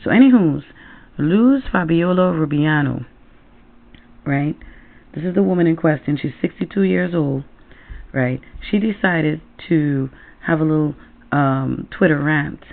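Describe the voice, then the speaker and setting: Heated profane woman, gravelly voice. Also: low voice, unhurried. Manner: blunt, profane, heated, with repeated "right?" and "okay?". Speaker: commentator. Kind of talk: angry political commentary. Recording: tinny phone-like audio.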